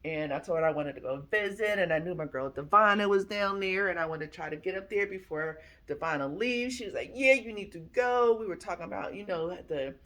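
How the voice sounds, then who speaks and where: Animated retired servicewoman in her fifties. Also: lowish voice, a little fast, few pauses. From Philadelphia, US. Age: 50s. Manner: casual, animated storytelling with slang and acted-out dialogue. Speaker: vlogger, military retiree. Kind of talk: personal storytelling vlog.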